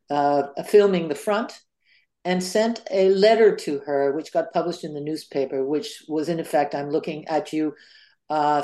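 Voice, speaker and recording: An older woman speaks as a guest historian in a podcast interview, her voice sitting on the low side. She talks in halting stretches, filling pauses with ums and uhs and restarting her sentences as she recalls events. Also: mellow. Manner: halting, many fillers and restarts.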